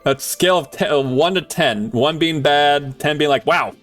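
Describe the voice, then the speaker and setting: A man streaming a game live, chatting casually with viewers and swinging from excited shouts to quiet muttering. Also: fairly high pitch, normal speed, faint music behind. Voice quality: animated, laughs often, jumps between excited shouts and quiet muttering.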